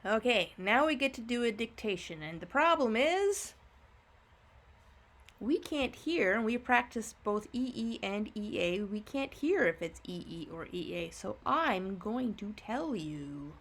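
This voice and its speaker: Slow, patient woman teaching phonics. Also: medium pitch, expressive, a bit bright. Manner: slow, drawn-out sounding out of words; patient, explaining step by step. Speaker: first grade teacher. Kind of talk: phonics lesson for young children.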